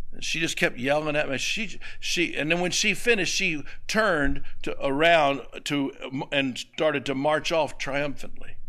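A man preaching a sermon, telling a folksy personal story with asides and drawn-out emphatic words. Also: medium pitch, bright, forceful tone, low-quality recording. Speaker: pastor.

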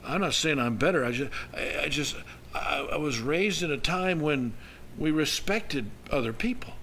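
An older pastor preaches a sermon in a folksy storytelling manner. His fairly high voice climbs on the emphatic points. A faint hiss of noise sits under the recording. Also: animated, normal speed, fairly bright tone, poor audio.

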